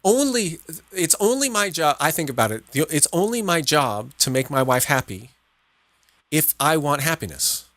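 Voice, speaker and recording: Animated, bright-voiced male podcast host. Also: on the high side, normal speed, no echo. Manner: enthusiastic, laughs often, repeats "right?", acts out little dialogues. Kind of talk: casual interview chat.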